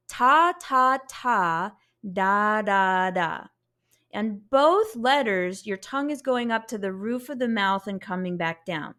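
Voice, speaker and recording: Patient woman teaching saxophone basics. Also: on the high side. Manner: patient, explains step by step with spoken syllable demonstrations. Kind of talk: music lesson demonstration.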